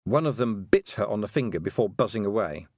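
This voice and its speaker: A man narrating an audiobook with expressive storytelling. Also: on the low side, fairly quick, dry recording, clean studio sound. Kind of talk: scripted narration.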